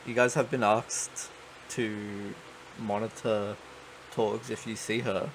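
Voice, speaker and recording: A man's voice: fairly low pitch, flat delivery, slow, slight background noise, low-quality recording. A man acting as game master for a tabletop game, explaining the rules in a loose, hesitant way. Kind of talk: running a tabletop game online.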